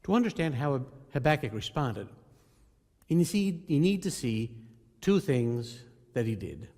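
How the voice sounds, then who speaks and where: A man's voice: mid-range voice, big pitch swings, a little slow, a little mellow. A male pastor preaching a sermon in an earnest, emphatic way, often addressing the congregation as folks. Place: church sanctuary. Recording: reverberant church hall.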